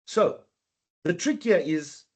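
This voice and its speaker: A man's voice: a little high, lively intonation, slow. A man teaching a live online computer class, chatty and encouraging, talking straight to his students.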